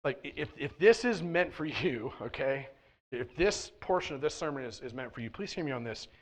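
A man's voice: mid-range voice, expressive, brisk. A man preaching a sermon as pastor of a church, talking in a casual, conversational way and often checking in with the congregation. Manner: swings between quiet asides and loud emphatic points. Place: church sanctuary.

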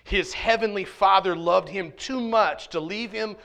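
A man preaching a sermon in a conversational way, swinging between loud emphasis and quiet, hushed asides. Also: high voice, unhurried, vocal fry. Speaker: pastor. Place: church sanctuary.

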